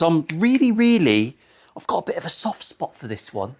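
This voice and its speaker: A man's voice: a little high, big pitch swings, moderate pace, a little mellow. Crude, chatty man in his forties. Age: 40s. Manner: chatty, crude, rambling banter with frequent swearing. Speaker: luthier. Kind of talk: casual workshop vlog. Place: indoor guitar workshop.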